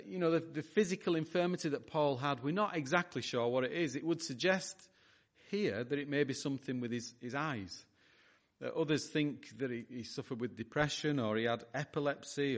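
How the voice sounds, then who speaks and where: Male pastor, earnest sermon delivery, mid-pitched voice, halting restarts and repeated words.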